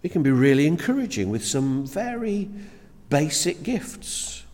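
Earnest preacher in a reverberant hall. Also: male voice, a little high, big pitch swings, unhurried, a little mellow. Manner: earnest, emphatic, repeats words as he builds points. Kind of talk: sermon.

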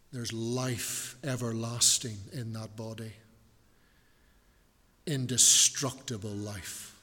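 A male pastor delivers a sermon at an unhurried, deliberate pace, leaning on repeated words to drive his points home. His voice sits at an ordinary middle pitch. It rings out with the long reverb of a church hall. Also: sharp tone. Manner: earnest, emphatic preaching with repetition and slowed stresses.

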